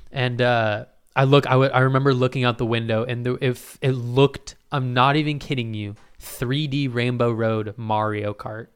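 Smooth-voiced young man, casual vlog. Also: medium pitch, normal speed, hardly any pauses. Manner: swears freely, lots of fillers and restarts; animated, exclamatory, incredulous. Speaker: vlogger answering viewer questions. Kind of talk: casual Q&A storytelling.

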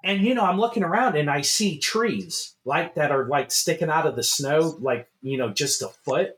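A middle-aged man spins a rambling story for his co-hosts, his voice bright and sitting a little high for a man. He swears freely and laughs his way through the telling in an easy, casual chat. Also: moderate pace. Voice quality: animated, swearing, laughs while telling stories. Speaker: podcast co-host.

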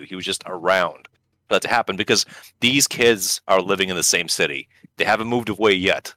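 A man co-hosting a podcast in casual chat, animated and breaking into high excited emphasis, speaking English as a second language. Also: dry recording. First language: not English. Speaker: podcast co-host.

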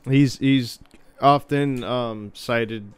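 A relaxed man chatting with friends, his voice smooth and resonant. The sound is dry and close, with no room around it. He drops in facts now and then and swears offhandedly. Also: medium pitch, extremely slow, dry recording. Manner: laid-back, offers facts, swears casually. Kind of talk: casual chat.

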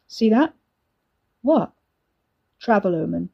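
A woman's voice: mid-range voice, very animated, slow pace, gravelly, husky, muffled recording, exaggerated voice. A woman voicing a menacing swaggering young bully. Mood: taunting. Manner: sneering, threatening, coarse.

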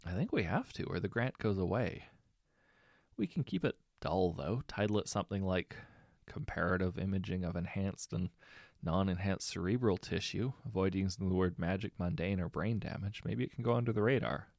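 A man voicing a worried middle-aged scientist who speaks carefully and wearily, with a low, gravelly voice. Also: animated, moderate pace, a little mellow, no echo, clean studio sound. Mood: cautious. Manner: careful, weary.

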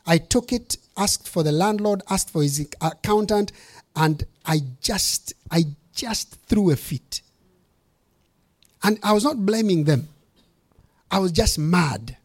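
A man's voice: high-pitched, expressive, slow pace. A man, a bishop, preaching a sermon, telling a story with emphatic, punchy repetition.

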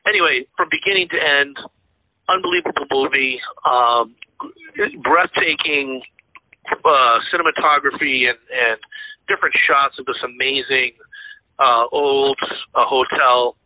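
Husky male podcast co-host, anecdote teller; dry, phone-thin recording. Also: mid-range voice, unhurried, dry recording. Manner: retells movie anecdotes, acting out quotes. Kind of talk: casual chat. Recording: dry, tinny phone-like sound.

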